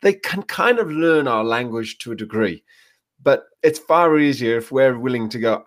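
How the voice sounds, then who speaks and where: A man's voice: mid-range voice, moderate pace. A man, a dog trainer being interviewed, telling stories and acting out little scenes. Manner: storytelling, acts out little quoted scenes. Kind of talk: casual interview talk.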